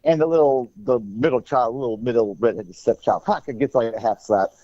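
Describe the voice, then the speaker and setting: A man's voice: mid-range voice, a little fast, warm tone, no echo. A man co-hosting a podcast in casual chat, talking in a rambling, blunt and profane way. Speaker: podcast co-host. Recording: dull lo-fi recording.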